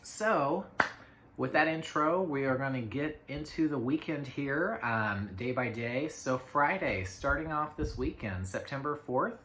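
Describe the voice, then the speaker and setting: A man's voice: mid-range voice, expressive, measured pace, bright, forceful tone. A man giving a casual spoken astrology forecast, rambling along with many fillers and little asides to himself. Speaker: astrology reader. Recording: echoey room with faint noise.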